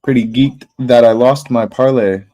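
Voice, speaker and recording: A man's voice: mid-range voice, steady tone, moderate pace, mellow, muffled recording. A young man hosting a live fight watch party, talking casually and bluntly with slang and swearing. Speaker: livestream host.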